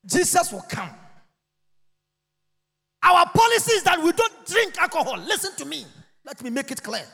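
Preacher, male, high forceful voice, long church-hall reverb, shouts and chants. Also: big pitch swings, moderate pace, creaky. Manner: shouts and chants, sings phrases, mimics people. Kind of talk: lively sermon with shouting.

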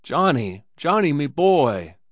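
A man's voice: a little high, sing-song, slow, no echo, voice pushed up, heavily acted. A man voicing an old hotel keeper who gives stern orders and speaks with worry to his beaten son. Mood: tender, anxious. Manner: stern, commanding. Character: old Irish-sounding hotel keeper, stern then tender father.

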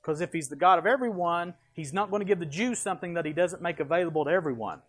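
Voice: medium pitch, fast. A preacher giving a verse-by-verse sermon with slides, emphatic, asking rhetorical questions and answering them, with folksy asides.

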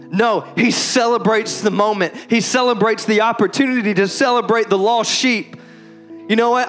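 A young adult man preaching as a pastor in a church, moving from calm talk to loud, impassioned preaching. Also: high-pitched, moderate pace, soft background music. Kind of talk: sermon. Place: church hall.

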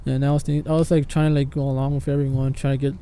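A man's voice: medium pitch, little pitch movement, rapid-fire, dark tone, a little hiss or hum. A young man co-hosting a podcast, speaking hesitantly and filling his sentences with "like". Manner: hesitant, full of "like" and restarts. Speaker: podcast co-host. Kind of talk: casual podcast chat.

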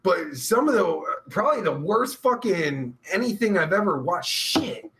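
A man hosts a live stream, reading viewer questions and chatting casually in a crude, blunt, profane manner. His high-pitched voice is a bit bright, swings widely in pitch, and moves a little slowly.

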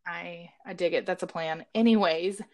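A woman's voice: on the low side, normal speed, darkish tone. A woman co-hosting a casual chat podcast, blunt and joking, swearing offhandedly. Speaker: podcast co-host.

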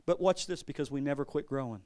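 Fast-talking and a little mellow at a medium pitch, this male pastor preaches a testimony-based sermon. He keeps it casual, says words over and over, laughs, and dramatizes the quotes.

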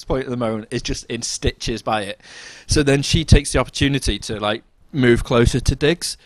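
A man in a casual podcast chat, spinning a lively anecdote with a mid-range voice. He laughs often and mimics the people he describes. The sound is dry and close, with no room around it. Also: medium pitch, normal speed, few pauses, no room sound. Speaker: podcast co-host.

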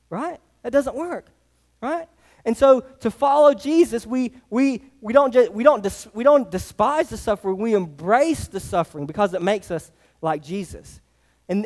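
A man's voice: high-pitched, a little mellow. A man preaching a sermon as a pastor, emphatic, repeating his phrases and putting rhetorical questions to the congregation. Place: church sanctuary. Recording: long reverb of a church hall.

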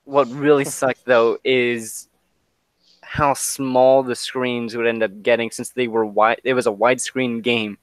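A man's voice: medium pitch, level tone, unhurried, smooth, no echo, poor audio. A man co-hosting a casual podcast chat, telling wry, grumbling anecdotes. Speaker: podcast co-host.

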